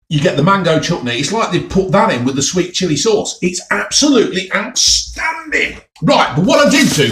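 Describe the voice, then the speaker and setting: A chatty English man with a Midlands accent, talking to his viewers in a lively, up-and-down voice that sits a touch high for a man. He sounds enthusiastic as he tastes his food, and the room around him is echoey. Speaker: food vlogger. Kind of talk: casual food tasting vlog.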